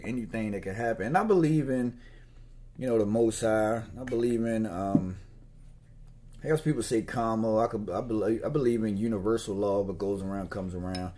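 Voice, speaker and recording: A man's voice: fairly low pitch, warm tone. Easygoing man rambling on. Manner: loose, slangy, meandering. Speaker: gun owner vlogger. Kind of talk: casual rambling chat.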